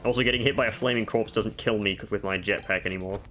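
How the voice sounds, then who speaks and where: A man's voice: fairly low pitch, fairly even intonation, fast, fairly bright tone, faint music behind. A man giving casual gameplay commentary at home, chatting through game tips with offhand self-mocking jokes. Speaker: gaming video creator. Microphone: desk microphone.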